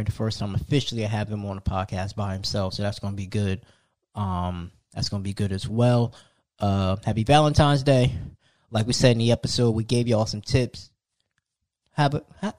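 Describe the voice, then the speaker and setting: A man's voice: on the low side, a little mellow, no room sound. A man hosting a podcast, wrapping up the episode in a laid-back way, saying "man" often. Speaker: podcast host. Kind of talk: casual podcast outro.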